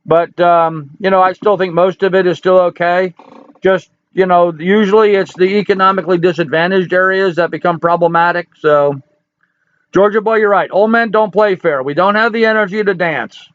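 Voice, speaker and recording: A man's voice: sits high, moderate pace, a bit bright, clear, resonant tone, highs cut off. A man in his sixties hosting a casual livestream, reading viewer comments and answering in a folksy, joking, chatty way. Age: 60s. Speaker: livestream host.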